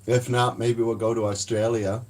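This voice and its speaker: A man's voice: mid-range voice, flat delivery, moderate pace, a little mellow. A man who hosts a livestream, chatting casually in a blunt, profane, rambling way. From Canada. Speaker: livestream host.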